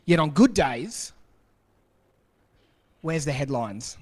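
A man preaching a sermon as pastor, acting out quoted voices and dropping to a hush for emphasis. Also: fairly high pitch, normal speed. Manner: animated, acts out quoted voices, drops to quiet for emphasis. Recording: long hall reverb.

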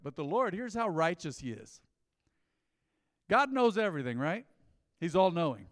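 A man's voice: fairly high pitch, big pitch swings, normal speed, long pauses, no echo, studio quality, in a large hall. A male pastor preaching a sermon, reading scripture aloud and drawing call-and-response from the congregation.

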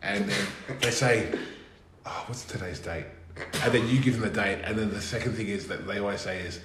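A man's voice: on the low side, quick pace. A man co-hosting a podcast, asking questions and telling stories with swearing and laughter. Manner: animated storytelling, swearing, laughing. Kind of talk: casual banter. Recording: echoey room with loud noise.

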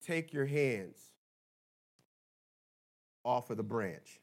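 A male preacher voicing God as a calm, slow, solemn voice from above. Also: mid-range voice, pitched below the performer's own voice.

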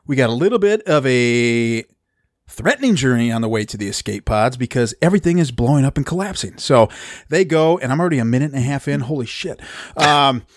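A man's voice: medium pitch, animated, brisk, no echo, clean studio sound. A man casually recapping a movie plot on a podcast, rambling, self-deprecating and laughing often. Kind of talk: casual chat.

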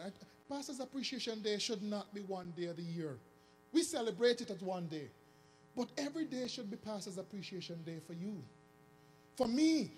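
A man preaching a sermon, swinging between sung, shouted emphasis and hushed asides. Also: sits high. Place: church hall. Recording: long church reverb with faint music.

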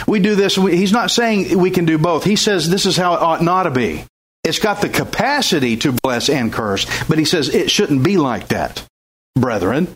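A man with a high-pitched voice preaches a sermon, emphatic and exhorting. He drives his points home with rhetorical questions. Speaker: pastor.

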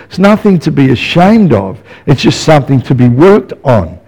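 Very animated at a normal speed, a pastor with a mid-range, husky, slightly mellow voice preaches a conversational sermon. He often checks in with the congregation by saying "yeah?", and the recording is rough.

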